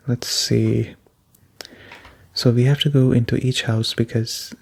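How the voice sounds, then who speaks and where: A man talks softly through a video game in an ASMR style, with a gravelly, mellow voice that is going hoarse. His delivery stays fairly flat and even as he drops casual, joking asides while he plays. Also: mid-range voice, slow pace, long pauses. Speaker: let's play host. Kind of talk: soft-spoken ASMR gameplay commentary.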